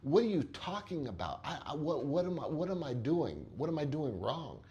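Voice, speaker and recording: A bewildered, defensive grown man , as a storyteller puts him on, stammers through his questions in a raised, lively voice. He sounds lost and keeps asking what he did wrong. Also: fairly high pitch, moderate pace, muffled recording, slight background noise, pitched above the performer's own voice. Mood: baffled.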